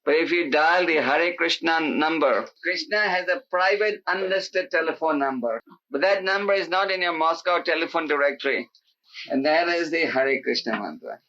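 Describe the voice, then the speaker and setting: A man giving an animated sermon as a spiritual teacher, emphatic and pleading, acting out the voices he quotes. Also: fairly high pitch, normal speed. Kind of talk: sermon to a live gathering. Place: indoor hall with an audience. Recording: dull lo-fi tape recording.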